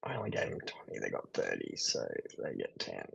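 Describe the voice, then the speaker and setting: A man's voice: a bass voice, wildly swooping pitch, a little fast, gravelly, fairly bright tone, slight background noise. A man narrating as game master, chatty, laughing often and wandering off into digressions.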